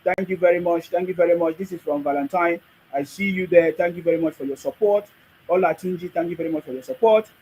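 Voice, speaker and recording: A man's voice: sits high, fairly even intonation, fast talker, darkish tone, slight background noise, poor audio. A middle-aged man with a Nigerian accent hosts a livestream, reading viewer comments and commenting on them in a repetitive, preachy way. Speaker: livestream host.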